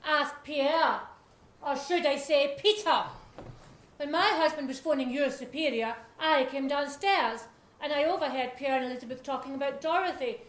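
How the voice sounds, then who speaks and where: A woman's voice: high-pitched, normal speed, natural voice. A woman playing an indignant wife who accuses the others, in an amateur stage play. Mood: accusing. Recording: echoey hall.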